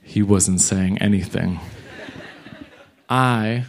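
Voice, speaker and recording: A young man, a stand-up comic, telling a story live and acting out other people's lines. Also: fairly low pitch. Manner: animated, acts out other people's lines in quick bursts. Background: audience laughter.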